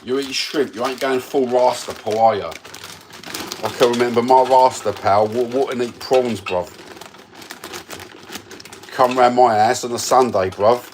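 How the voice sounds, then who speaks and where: A man's voice: medium pitch, fairly even intonation, a little slow, long pauses, a little mellow, slight background noise. A man, hosting a casual livestream from home with crude, sweary banter into his phone. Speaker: livestream host.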